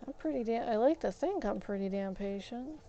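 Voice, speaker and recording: Lady gamer ranting on a livestream, warm low-key voice, kinda dull lo-fi audio. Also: lively intonation, brisk. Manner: frustrated, ranting while she plays. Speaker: streamer. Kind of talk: casual gaming livestream chat.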